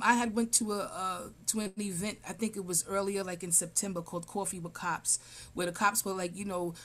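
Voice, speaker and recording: Woman, council candidate, video call, rambling, filler words, mid pitch. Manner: rambling, many fillers and restarts. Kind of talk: candidate interview answers.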